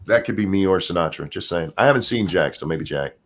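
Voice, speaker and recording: A man hosting a livestream chat, reading viewer comments aloud and swinging between loud jokes and mumbled asides. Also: deep voice, animated, fast talker, breathy edge. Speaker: livestream show host.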